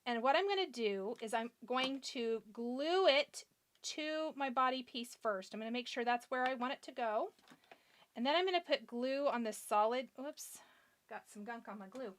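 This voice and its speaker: With a fairly high, animated voice at normal speed, this crafting livestream host walks through her steps live, answering viewer comments and poking fun at her own small slips. She's chatty and self-deprecating, often talking to herself as she works.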